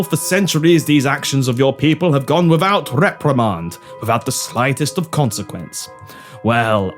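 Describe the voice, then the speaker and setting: A man's voice: fairly high pitch, fairly bright tone. A man doing grandly dramatic Santa. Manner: grandly dramatic, with sweeping rises and drops. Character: Santa, elderly man, solemn and theatrical. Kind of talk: comedy audio drama.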